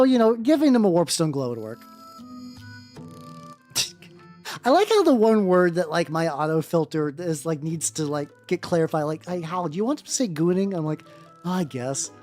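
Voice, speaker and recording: A woman's voice: on the low side, darkish tone. A woman streaming while she paints miniatures, rambling casually, greeting viewers and swearing now and then. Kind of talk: casual livestream chat. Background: faint background music.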